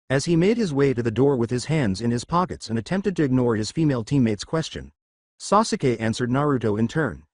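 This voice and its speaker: A man narrating a fan fiction story in a steady reading voice. His pitch rises and falls freely, and the recording is dry and close. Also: a little fast, no echo.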